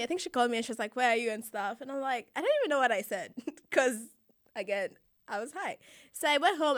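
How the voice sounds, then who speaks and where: A woman's voice: on the high side, no room sound, studio quality. A young woman casually telling a long story, laughing often and acting out what people said. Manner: animated storytelling, laughs often, acts out quoted voices. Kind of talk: casual chat.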